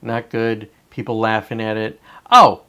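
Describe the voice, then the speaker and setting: A man's voice: fairly low pitch, little pitch movement, a little slow, bright, forceful tone, clean tone. A man hosting a casual live stream, rambling and swearing as he reads chat comments aloud and reacts to them.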